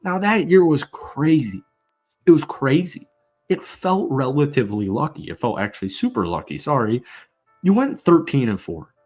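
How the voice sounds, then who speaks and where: Energetic man ranting about football. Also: fairly high pitch, moderate pace, husky, soft background music. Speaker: football channel host. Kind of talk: sports commentary vlog rant.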